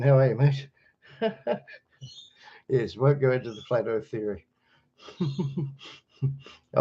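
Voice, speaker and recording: A middle-aged Australian man chats loosely to his livestream viewers, wandering between stories, greeting people by name and chuckling at his own jokes. His voice sits in a plain middle pitch. The webcam microphone gives the sound a slightly dull, muffled edge. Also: a little mellow. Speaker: livestream host. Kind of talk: casual livestream chat answering viewers.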